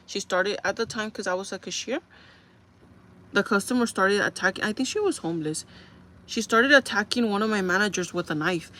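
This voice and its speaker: Bright-voiced chatty woman livestreaming. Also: mid-range voice, brisk. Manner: chatty, animated, addresses viewers as guys. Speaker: makeup livestreamer. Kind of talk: casual livestream storytelling.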